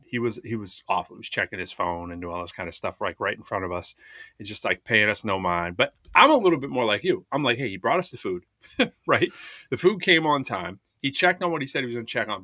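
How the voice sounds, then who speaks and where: Animated man telling stories, bright voice. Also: on the low side, no echo. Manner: animated storyteller, acts out quoted voices. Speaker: podcast co-host. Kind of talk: casual chat.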